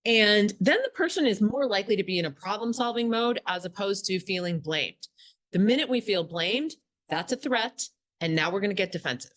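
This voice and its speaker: A woman's voice: mid-range voice, brisk, dry recording, studio quality. A woman speaking as a communication expert in an interview, explaining step by step and acting out bits of example dialogue. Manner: animated, acts out example dialogue.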